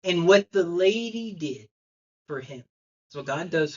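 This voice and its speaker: A man's voice: a little high, animated, a little slow, highs cut off. A man preaching a sermon, telling a story and acting out the people in it. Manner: storytelling, acts out the voices in his story. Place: church.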